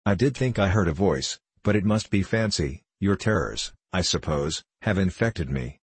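A man reading the part of a pious, dutiful young princess in a measured, solemn way, with a husky voice. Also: deep voice, lively intonation, no echo. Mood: grave.

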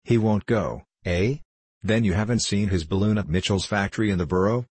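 A cheerful, devoted young manservant, as a narrator puts him on, earnest and eager in every word. The voice is low and a little husky, recorded close and dry for a storybook reading. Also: male voice, brisk, a little mellow, no echo. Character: cheerful loyal young male servant.

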